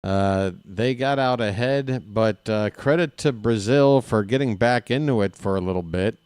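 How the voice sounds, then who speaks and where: Unhurried low-voiced sports commentator, a man. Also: darkish tone, smooth, dry recording, studio quality. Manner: chatty, talks straight to viewers between pitches; candid, self-deprecating asides. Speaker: play-by-play commentator. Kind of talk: casual live play-by-play.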